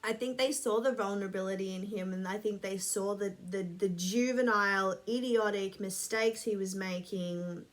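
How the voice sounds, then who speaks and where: A woman's voice: mid-range voice, fairly even intonation, normal speed, few pauses. Sweary chatty woman vlogger. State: sniffly. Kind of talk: casual rambling chat to camera.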